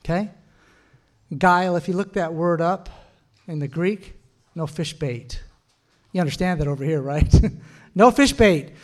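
A middle-aged man teaching about marriage in a sermon-like talk, telling stories and breaking into quick laughs and punchy asides. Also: a little high, steady tone.

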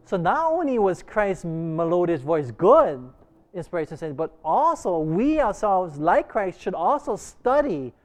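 Questioning male Bible teacher, fairly high voice. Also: sing-song, unhurried. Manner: asks the class questions, frequent restarts. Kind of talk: interactive preaching class.

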